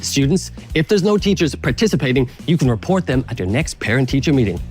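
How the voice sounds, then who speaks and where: An Irish man presenting science to children, leading an energetic, playful warm-up with jokes and instructions. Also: medium pitch, fast talker, soft background music. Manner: upbeat, playful, joking instructions.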